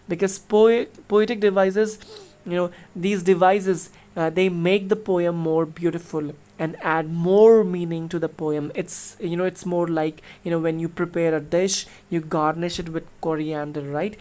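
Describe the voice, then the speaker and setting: A middle-aged woman teacher walks her class through a poem in a fairly low, darkish voice. She's patient, leans on lots of fillers, and spells words out one letter at a time.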